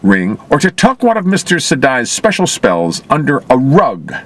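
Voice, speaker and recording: A man's voice: mid-range voice, huge pitch swings, moderate pace. A man reading news reports aloud and adding wry, sarcastic asides of his own. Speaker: commentator. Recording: loud traffic noise outdoors.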